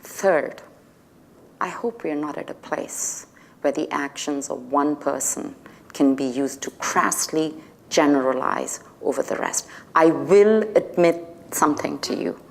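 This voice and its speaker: A woman from India, a senator and guest lecturer, answering an audience question in a measured, composed way. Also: low voice, creaky. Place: lecture hall.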